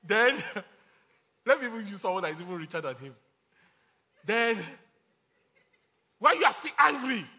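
A man's voice: high-pitched, big pitch swings, measured pace, long pauses, sharp tone. A man preaching a sermon as pastor, emphatic, calling out to the congregation and mixing in jokes.

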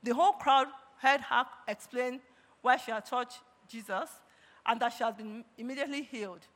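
Preacher reading bible verses, keeps saying praise the living jesus, mid pitch, long hall echo. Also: steady tone, normal speed, fairly bright tone. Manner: punctuates with repeated praise calls, reads scripture aloud. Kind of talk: sermon. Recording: long reverb of a large hall.

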